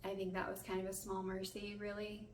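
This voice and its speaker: A woman's voice: mid-range voice, completely flat delivery, brisk, slight background noise. A young woman talking casually to camera for her family vlog, hesitant with many fillers, holding back tears. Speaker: family vlogger. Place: home bathroom. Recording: echoey bathroom, mic at a distance.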